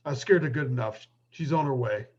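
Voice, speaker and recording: A man voicing a calm, wounded male orc warrior, gravelly and husky, reassuring in tone. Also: medium pitch, fairly quick, dull audio, natural voice.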